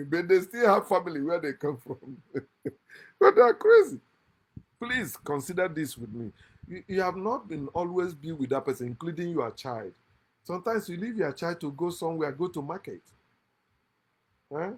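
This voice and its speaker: Man hosting his own channel, emphatic lecturing monologue, raised pitch, bursts of laughter. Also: lively intonation, normal speed, slightly rough. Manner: emphatic, lecturing, swings from loud outbursts to quiet asides; laughs often mid-speech. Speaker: channel host. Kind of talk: impassioned monologue against religion. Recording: lives in America.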